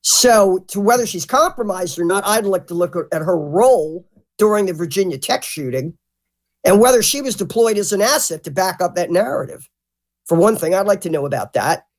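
A woman's voice: mid-range voice, normal speed. A woman talking bluntly and profanely as a guest in a casual interview. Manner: animated, mimics others. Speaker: podcast guest.

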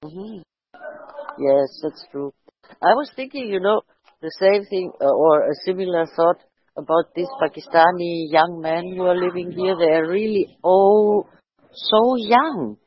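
A woman's voice: lowish voice, unhurried, husky, no room sound. Hesitant curious woman on a dull line. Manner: hesitant, repeats words, curious questions. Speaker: chat participant. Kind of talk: casual conversation.

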